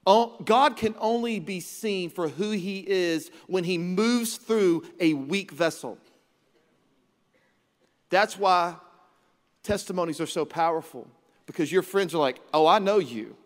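A man in his thirties preaching a sermon to a church congregation, energetic and joking, now and then mimicking his children. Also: high voice, slow. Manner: energetic, joking, acts out his kids' voices. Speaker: pastor. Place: large church auditorium. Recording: reverberant church hall.

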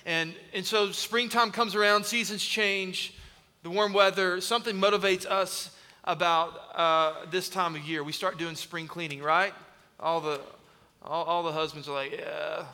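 Animated pastor preaching in a big hall. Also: male voice, high-pitched, unhurried. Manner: animated storytelling, acts out voices and shouts. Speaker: executive pastor of student ministry. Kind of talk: sermon with humorous stories. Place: large church hall. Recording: long hall reverb.

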